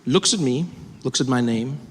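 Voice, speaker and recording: A man from South Africa doing animated stand-up storytelling. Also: medium pitch, moderate pace. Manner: animated, acting out characters. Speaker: stand-up comedian. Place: live comedy venue. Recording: theater with long reverb and audience.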